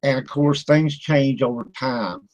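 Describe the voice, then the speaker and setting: An older man with a drawl hosts a casual radio talk, wandering from point to point with fillers and frequent chuckles. His voice sits at an ordinary middle pitch. The sound is dry and close, with no room around it. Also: measured pace, dry recording, low-quality recording. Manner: folksy, rambling, laughs often, many fillers. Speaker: radio show host.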